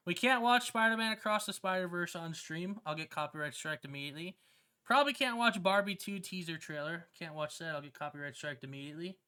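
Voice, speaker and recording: A streamer chatting casually with viewers on a live stream, slangy and excitable, swearing often and laughing a lot. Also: mid-range voice, brisk, clear, resonant tone. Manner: slangy, swears a lot, keeps saying "bro". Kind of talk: casual livestream chat with viewers.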